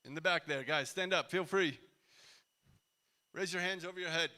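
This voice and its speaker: A man's voice: a little high, moderate pace, pushed and bright. A man giving a casual, engaging talk to a crowd in a large indoor hall, asking the audience questions. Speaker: company CEO speaking at event.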